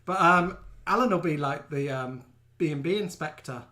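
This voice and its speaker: A man co-hosting a live chat show, chatty and jokey, reading out viewer names with quick asides. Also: a little high, bright, forceful tone.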